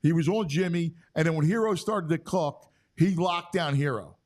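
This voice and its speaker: A man hosting a casual sports talk show, making his points with quick, emphatic reactions. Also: on the high side, a little mellow.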